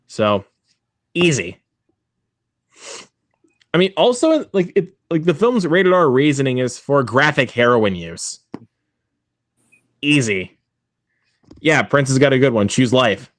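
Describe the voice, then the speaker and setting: A young man in casual chat as a quiz contestant, excitable and stammering, full of filler words. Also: mid-range voice, slow pace, pauses often, no room sound, studio quality.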